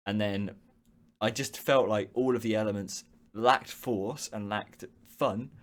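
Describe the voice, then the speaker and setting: Young male host from the UK, fairly low voice, chatty and rambling, answering viewers live. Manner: rambling, frequent ums and restarts. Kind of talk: casual live-stream chat.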